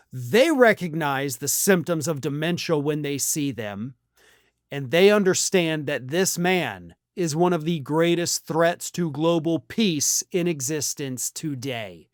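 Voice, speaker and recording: A man's voice: on the high side, no room sound, clean studio sound. A man hosting a political commentary show, talking in a scornful, emphatic monologue with some restarts.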